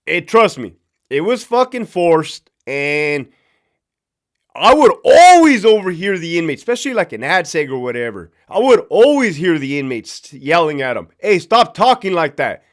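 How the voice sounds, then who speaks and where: A man's voice: a little high, very animated, normal speed. A man, a former prison officer, chatting casually and profanely, often laughing as he tells stories. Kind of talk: casual storytelling chat.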